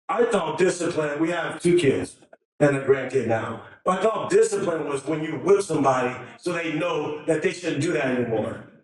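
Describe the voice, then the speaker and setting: A middle-aged man giving an emotional, earnest talk to a conference audience, nervous and often restarting his sentences. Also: on the high side. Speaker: conference speaker. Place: large conference hall. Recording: echoey hall from far off.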